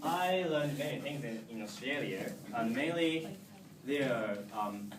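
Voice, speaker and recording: A man's voice: mid-range voice, expressive, a little slow. A young man from Japan, speaking English with a Japanese accent, gives a casual, hesitant talk to an audience with many fillers and restarts. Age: young adult. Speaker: returning exchange student. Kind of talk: informal presentation to an audience. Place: meeting hall. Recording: echoey room, recorded from a distance, noisy.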